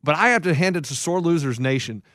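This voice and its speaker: A man's voice: on the high side, fast, no room sound, clean studio sound. A man co-hosting a casual talk show, telling a funny story and acting out what people said. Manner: animated storyteller who acts out quotes. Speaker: podcast co-host.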